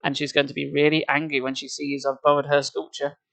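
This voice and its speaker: A man voicing a young teenage girl who is thrilled with her scary mask, reading her lines with excitement. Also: fairly high pitch, fairly quick, vocal fry. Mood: anxious. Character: scheming young teen girl in a monster mask.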